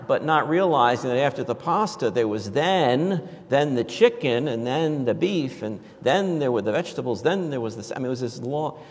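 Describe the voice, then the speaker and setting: A man from New York preaches a homily as a personal story. He talks conversationally and reflectively, with many fillers and false starts, at an ordinary pitch. His voice carries the long, lingering reverb of a church. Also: a little mellow. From New York, USA.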